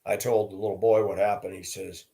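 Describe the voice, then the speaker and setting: A middle-aged man from Denver telling personal stories in a casual monologue, acting out the quoted voices and getting loud in the tense parts. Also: low voice, little pitch movement, brisk, creaky. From from Denver area. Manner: acts out quoted voices, rising loud for confrontations.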